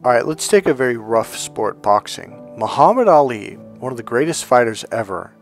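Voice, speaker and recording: Male self-help speaker, mid-pitched, lively storyteller, faint music under him. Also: moderate pace. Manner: animated and conversational, acts out quotes. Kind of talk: motivational talk with personal stories.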